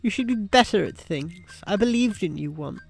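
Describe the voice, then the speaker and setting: A woman putting on a British accent to play a theatrically disappointed, mock-wounded British woman, drawing out her words slowly. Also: medium pitch, animated, vocal fry, music in the background. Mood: mock lament. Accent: British, put on. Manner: slow, exaggerated mock lament.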